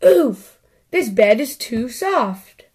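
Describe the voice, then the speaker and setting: A woman's voice: a little high, sing-song, extremely slow, a little mellow, slightly rough, heavily acted. Goldilocks, a woman voicing a fussy little girl. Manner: exclaiming.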